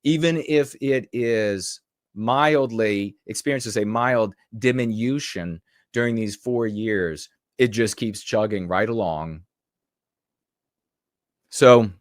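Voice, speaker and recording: A man's voice: mid-range voice, no echo. Man, podcast host, rambling, sarcastic, dry recording. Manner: rambling and sarcastic, mimics people mockingly. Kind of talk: casual political commentary.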